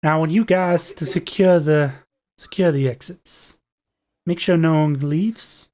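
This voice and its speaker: A man voicing a smooth-talking male gang leader with a heavy Southern US drawl, calm and coaxingly menacing. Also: a little high, measured pace, voice pushed up, natural voice. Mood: commanding.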